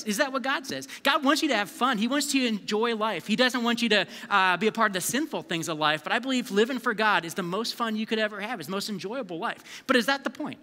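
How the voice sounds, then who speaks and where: A man preaching a live sermon as a youth pastor, energetic and conversational, calling on the crowd to answer back. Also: sits high. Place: church service hall. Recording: long reverb of a large hall.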